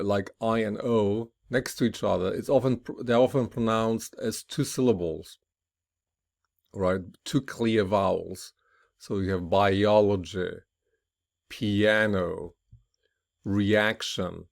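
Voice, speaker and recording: Slow, gravelly-voiced male pronunciation teacher. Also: lowish voice, darkish tone. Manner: slow and deliberate, with repeated checks of "right?"; models word pairs aloud with emphatic stress. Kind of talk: classroom pronunciation lesson.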